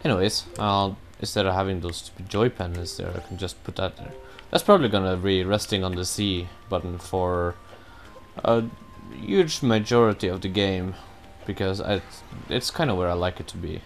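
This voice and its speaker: A man's voice: low voice, moderate pace, soft background music. Casual man commenting on a game. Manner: rambling, curses at his own mistakes. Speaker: let's play gamer.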